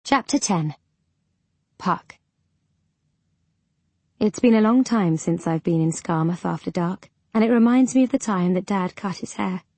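Husky female audiobook narrator. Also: on the low side, a little slow, long pauses, darkish tone, no echo. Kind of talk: first-person scripted narration.

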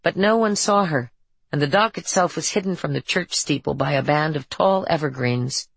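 Woman audiobook narrator, steady, even read, husky low voice, dry booth sound. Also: moderate pace, no echo, rough recording. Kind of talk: scripted narration.

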